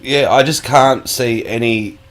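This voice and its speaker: A man's voice: mid-range voice, unhurried. A man co-hosting a gaming podcast, chatting casually and swearing freely. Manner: sweary, rambling, laid-back. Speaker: podcast co-host. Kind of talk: casual chat.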